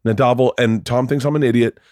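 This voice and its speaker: A middle-aged man telling stories in a casual podcast chat, acting out the other people's voices. His voice sits at an ordinary pitch, and the close mic keeps the sound dry. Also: fast, dry recording. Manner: animated storyteller, acts out quoted voices, swears freely. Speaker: podcast guest, husband of host.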